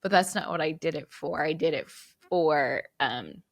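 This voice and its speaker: Low-pitched woman on her podcast, earnest, kinda teary, dry close sound. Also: measured pace, vocal fry, dry recording. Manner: earnest, repeats herself, trailing restarts. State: tearful, fighting back tears. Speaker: podcast host. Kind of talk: reflective solo podcast talk.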